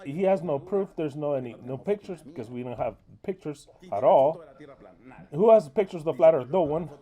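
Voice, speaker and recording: High-voiced man interpreting a sermon, scolding. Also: animated, normal speed, mellow. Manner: crude, scolding and emphatic. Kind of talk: English voice-over interpretation of a sermon.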